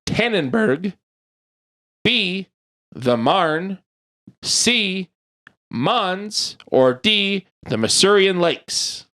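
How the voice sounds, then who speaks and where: A man hosts a casual podcast and runs a trivia quiz. He reads each question slowly and with plenty of lift in his voice, cracking jokes between answers. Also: sits high, sing-song, bright, forceful tone. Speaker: podcast host and quizmaster.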